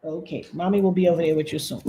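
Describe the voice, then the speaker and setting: A woman's voice: low-pitched, fairly even intonation, fast talker, mellow, slight background noise. A woman from the northern US hosting a casual livestream, affectionate and a little preachy as she thanks viewers in the chat. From northern United States. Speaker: livestream host.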